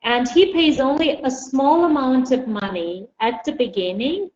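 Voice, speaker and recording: A woman's voice: sits high, lively intonation, measured pace, darkish tone. A woman teaching an English lesson, patiently calling on students by name. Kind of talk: online language lesson. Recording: echoey, dull, lightly noisy.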